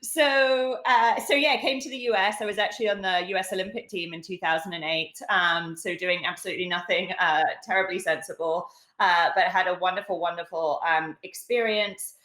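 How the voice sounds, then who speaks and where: A woman's voice: lowish voice, fairly even intonation, brisk, sharp tone, reverberant. A middle-aged woman from London with a British accent, speaking as a guest on a video call, articulate with many fillers. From London, England. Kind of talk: casual interview talk.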